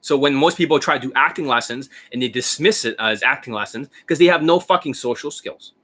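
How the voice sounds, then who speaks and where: A man's voice: medium pitch, a little fast, bright, forceful tone. A man in his forties, a dating coach, explaining in a blunt, profane, demonstrative casual talk.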